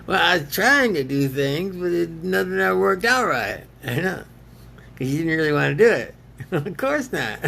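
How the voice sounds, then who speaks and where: A man with a deeply gravelly, fry-heavy voice sitting a bit high for a man. He rambles slowly in a loose self-talk monologue, breaking into laughs and answering himself. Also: sing-song, sharp tone, a little hiss or hum. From United States. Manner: laughs often, argues with himself in two voices.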